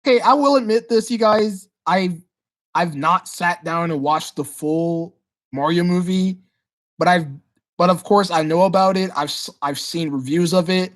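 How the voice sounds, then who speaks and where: A man hosting a casual livestream Q&A, reading chat questions aloud and answering in an excitable way, often repeating words as he restarts his sentences. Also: sits high, normal speed. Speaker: livestream host.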